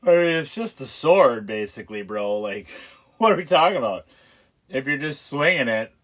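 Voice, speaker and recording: A man's voice: mid-range voice, animated, moderate pace, fairly bright tone. A young man hosting a casual movie commentary, profane and mocking, laughing at what he watches. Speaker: podcast host.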